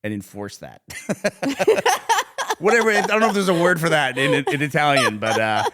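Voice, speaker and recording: A man's voice: on the high side, fast, very noisy. A man co-hosting a podcast, telling stories in casual chat and laughing often. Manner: animated storytelling, laughing often, mocking voices for quotes. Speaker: podcast co-host.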